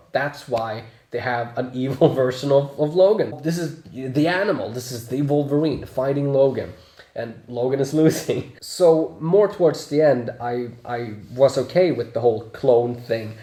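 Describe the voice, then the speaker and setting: Mellow-voiced man in an echoey room. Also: mid-range voice, moderate pace. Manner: chatty, laughs often, swears freely. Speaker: movie reviewer. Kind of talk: casual spoiler review.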